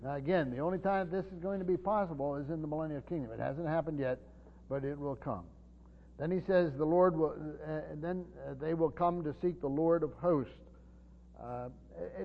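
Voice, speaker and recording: A man's voice: on the high side, vocal fry, slight background noise. A man teaching a Bible sermon as a pastor, earnest and explanatory, with frequent fillers and restarts. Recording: dull long-reverb hall sound.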